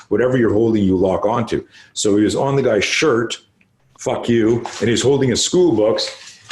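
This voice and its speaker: Emphatic low-voiced man in his late 50s. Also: a little hiss or hum. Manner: animated, emphatic storyteller who swears freely. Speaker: martial arts instructor, podcast guest. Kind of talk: casual storytelling interview.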